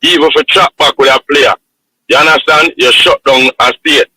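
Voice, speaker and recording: A man's voice: on the high side, fairly quick, pushed and bright, husky, no echo, rough recording. A man with a Jamaican accent calling in to a sports show, giving earnest football analysis and repeating his points. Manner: earnest, repeats points, says you understand. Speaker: caller.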